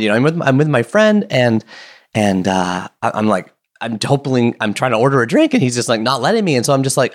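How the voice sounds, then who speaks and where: A man guest on a podcast, casually telling a story with lively, animated retelling of dialogue. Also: mid-range voice, fast talker, no room sound. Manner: animated, mimics voices in retold dialogue.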